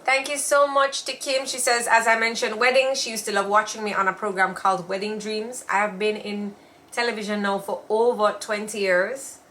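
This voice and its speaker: A woman's voice: mid-range voice, fairly even intonation, normal speed, a bit bright, slight background noise. A woman co-hosting a casual live show, chatting and reading viewer comments aloud. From Jamaica. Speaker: co-host of a weekly live show. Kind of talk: casual live-stream chat.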